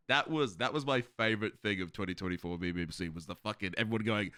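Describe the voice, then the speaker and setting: A man's voice: fairly low pitch, fast, hardly any pauses, clean tone, dry recording, clean studio sound. A male streamer chatting casually with his viewers, swearing freely and laughing often. He has a slight lisp and slurs his words at times. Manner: animated, profane, laughs often. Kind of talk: casual livestream chat with viewers.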